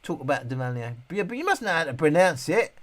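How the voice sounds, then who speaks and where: A man's voice: a little high, sing-song, fast. Rambling man on a live stream. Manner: rambling, self-interrupting, with many restarts. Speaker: live stream host reading viewer comments. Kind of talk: casual live stream chat.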